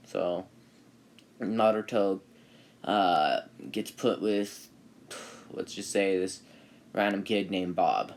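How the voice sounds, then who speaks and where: A man's voice: low voice, slight background noise. A man who makes anime videos, telling a made-up story in a casual, rambling way, with many fillers and self-corrections.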